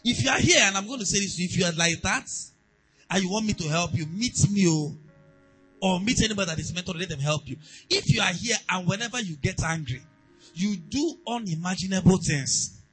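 Man, pastor, sermon, emphatic, high lively voice, faint music behind. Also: fairly quick, slightly rough, poor audio. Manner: emphatic preaching, swinging between quiet asides and loud exhortation.

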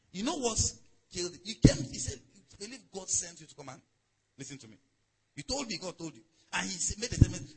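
A man's voice: a little high, fairly bright tone, breathy edge, low-quality recording. A man preaching a sermon in a conversational way, calling on the congregation to respond. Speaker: pastor.

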